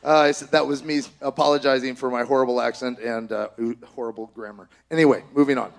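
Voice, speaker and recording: A middle-aged man preaching a sermon with impassioned exhortations, rising to shouts. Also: mid-range voice, steady tone, quick pace, vocal fry.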